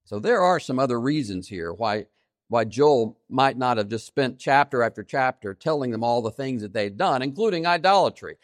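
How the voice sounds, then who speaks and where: A man preaching a sermon, stressing key phrases by repeating them and swinging between loud emphasis and quiet asides. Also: medium pitch, lively intonation, normal speed, no echo, clean studio sound. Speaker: pastor.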